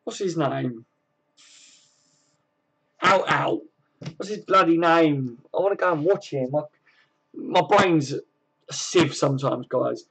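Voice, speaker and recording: A fairly high-voiced man, casually chatting on his live stream. He reads out viewers' comments and answers them in an easygoing, slang-filled way. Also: slow pace, creaky, pauses often, fairly bright tone, breathy edge, rough recording. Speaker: host of a fan live stream.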